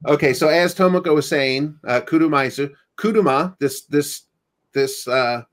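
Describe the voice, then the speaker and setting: A man's voice: on the high side, normal speed. A man from the United States hosting a casual livestream, joking and reading viewer comments aloud. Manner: playful, joking, reads chat comments aloud. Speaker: livestream host.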